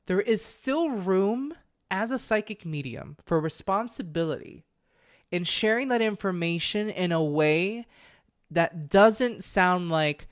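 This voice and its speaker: A man's voice: sits high, expressive, takes it slowly, clean tone, dry recording, clean studio sound. A man hosting a solo podcast, talking in an earnest, impassioned way and often correcting himself mid-sentence. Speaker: podcast host.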